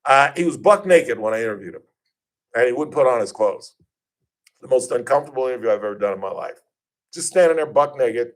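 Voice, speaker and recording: Animated male radio talk host. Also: brisk. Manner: animated, acts out quoted voices with big pitch jumps. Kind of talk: casual radio storytelling.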